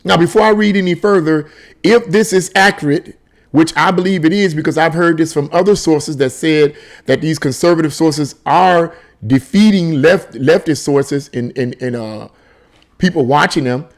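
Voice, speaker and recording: A man reads a news article aloud and keeps stopping to pick it apart in sarcastic asides. He stumbles and restarts often, repeating words as he hunts for the point. His voice sits a little higher than most men's. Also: normal speed. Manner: frequent restarts and stammered repeats. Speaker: political commentator reading an article. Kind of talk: casual commentary on a news article.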